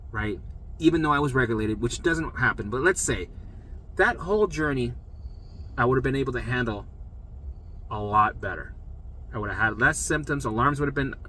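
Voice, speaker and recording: A man recounting his own ordeal in a casual, animated monologue, his voice bright and forceful. He acts out the voices of the people around him and keeps pulling the listener in with "right?". A faint wash of background noise sits under the recording. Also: medium pitch, low-quality recording. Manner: animated, acts out quoted voices, swears freely; frequent "right?" check-ins to listener. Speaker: vlogger sharing recovery story.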